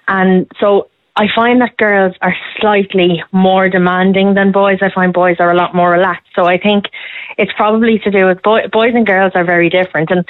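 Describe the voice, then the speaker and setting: A woman's voice: fairly low pitch, no echo. Chatty woman on a phone line. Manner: chatty, emphatic, laughs readily. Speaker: caller, podcast host. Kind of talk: casual radio phone-in chat.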